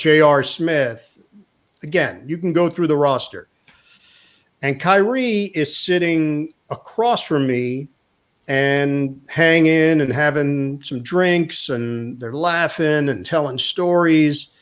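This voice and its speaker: Lively storytelling man, higher voice. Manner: animated anecdote teller, quotes others in voices. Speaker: sports broadcaster guest. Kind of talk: casual storytelling interview.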